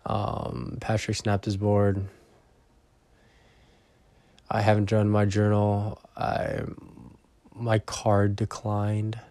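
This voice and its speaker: A man's voice: fairly low pitch, monotone, drawn-out words, long pauses, darkish tone, no echo. A young man vlogging in a rambling, profane casual monologue that often trails off into mumbles.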